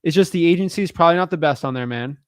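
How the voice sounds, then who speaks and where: A man's voice: fairly high pitch, racing, clear, resonant tone, dry recording, clean studio sound. A man coaching on real estate wholesaling, blunt and casual, calling people man and dude. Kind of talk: casual advice on a call.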